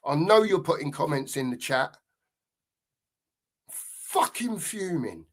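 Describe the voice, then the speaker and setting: Fuming bloke ranting about his football club on a live stream, swears a lot, kinda high voice. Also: animated, brisk. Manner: angry, sweary, repeats himself. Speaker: podcast host.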